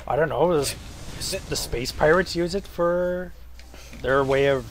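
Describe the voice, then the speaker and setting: A man co-commentating a game playthrough, offering tips in a halting, filler-laden way. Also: on the high side, noisy background. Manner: helpful, hesitant with fillers. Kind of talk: casual gameplay commentary. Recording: game music behind.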